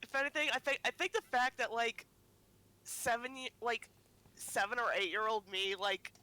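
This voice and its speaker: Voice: medium pitch, moderate pace, bright, forceful tone, poor audio. A person in their twenties, chatting casually as a stream guest, rambling with lots of filler words. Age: 20s. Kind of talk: casual livestream chat.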